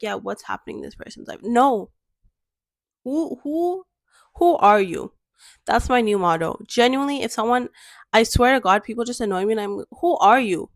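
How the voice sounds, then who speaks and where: A woman's voice: on the high side, no room sound, clean studio sound. A woman vlogger talking straight to camera in a personal monologue, emphatic and full of rhetorical questions.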